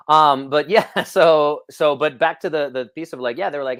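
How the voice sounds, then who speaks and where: A man's voice: a little high, moderate pace, fairly bright tone, smooth, dry recording. A man hosting an interview podcast, telling personal stories in a casual, rambling way with many fillers. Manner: storytelling, self-deprecating, many fillers. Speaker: podcast host.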